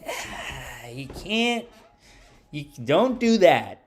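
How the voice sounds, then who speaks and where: A man's voice: fairly high pitch, sing-song, slow. A man hosting a comedy live stream, ranting casually in a rambling, profane way into a home mic.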